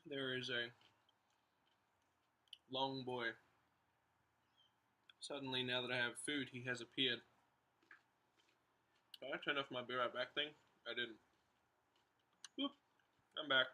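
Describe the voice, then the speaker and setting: A man's voice: medium pitch, fairly even intonation, slow pace, pauses often, bright, forceful tone, rough recording. A man chatting casually to his viewers and his dog while painting on a livestream. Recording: clicking noise behind the voice.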